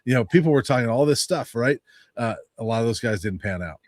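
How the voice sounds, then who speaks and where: A man who covers college football as a beat writer, explaining his view as a guest in a calm, measured way. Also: mid-range voice, no echo, clean studio sound. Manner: measured, explanatory, many fillers. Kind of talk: sports analysis, casual.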